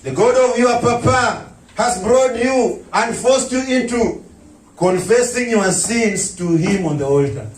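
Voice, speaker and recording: A man preaching a sermon as a pastor, breaking into shouts and mocking impressions of others. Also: high voice, a little slow, slight background noise. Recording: echoey room, mic at a distance.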